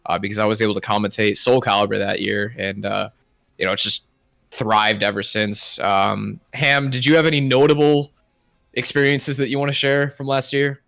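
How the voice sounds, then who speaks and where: A man's voice: lowish voice, level tone, normal speed, gravelly, fairly bright tone, no echo, studio quality. A man hosting a casual gaming podcast, steering the talk and listing games with small hesitations. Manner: leads the talk, lists names with hesitations. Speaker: podcast host. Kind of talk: casual chat.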